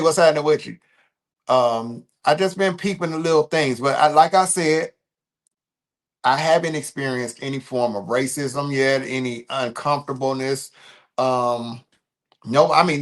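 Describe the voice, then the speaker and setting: A man hosting a casual livestream, talking loosely and repeating himself, pressing hard on points and then trailing off quietly. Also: mid-range voice. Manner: loose and repetitive, restarting phrases, emphatic then trailing off quietly. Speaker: livestream host.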